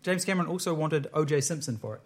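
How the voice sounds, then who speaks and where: A man's voice: a little high, animated, fast talker. A man hosting a comedy panel game in a loose, filler-heavy, good-humoured way. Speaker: quiz host.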